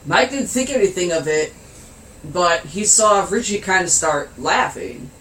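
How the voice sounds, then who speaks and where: Giggly, high-voiced man telling a story. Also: lively intonation, unhurried, bright, forceful tone. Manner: giggly, laughs through his anecdote; swears freely. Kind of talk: casual storytelling. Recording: roomy, with faint background noise.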